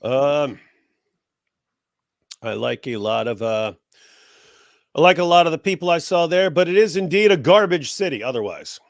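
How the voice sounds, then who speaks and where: A man's voice: a little high, expressive, normal speed, pauses often, no echo, studio quality. A man from the United States who has a cold, chatting casually as a guest in a sarcastic, mocking way. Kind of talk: casual chat.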